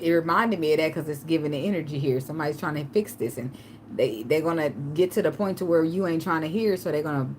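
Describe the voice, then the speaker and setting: A woman tarot reader gives casual spiritual advice while telling a personal story, laughing often and animatedly acting out begging in a high, pleading voice. There is a little hiss or hum in the background.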